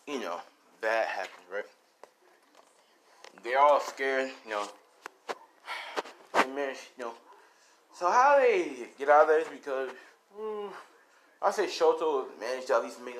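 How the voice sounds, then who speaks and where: A man's voice: medium pitch, a bit bright, slight background noise. Rambling casual male storyteller. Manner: rambling, casual, full of fillers. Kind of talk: improvised fan story narration.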